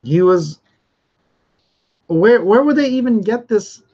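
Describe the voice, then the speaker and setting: The host of a casual livestream, a middle-aged man whose voice sounds slightly off, reads news aloud and rambles with fillers and restarts. He speaks slowly in a high, expressive, mellow voice, and the audio is dull and lo-fi.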